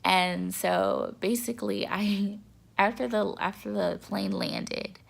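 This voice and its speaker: A young woman vlogging in a casual chat to camera, excitable and repetitive, with a stuffy nose. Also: mid-range voice, takes it slowly, vocal fry. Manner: chatty, excitable, repeats words for emphasis.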